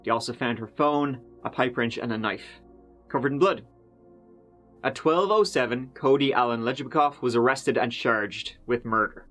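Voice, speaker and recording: Faint music plays behind a man narrating a true crime case in a relaxed voice-over, his voice medium-pitched and his speed normal. Conversational rather than read, his telling wanders into fillers and dry remarks without losing the thread.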